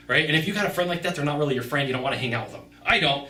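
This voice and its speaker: A man's voice: fairly high pitch, animated, rapid-fire, hardly any pauses, bright, forceful tone, roomy sound, far from the mic. A man giving brash, emphatic sales advice straight to the viewer in a vlog. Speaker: sales consultant. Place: outdoors.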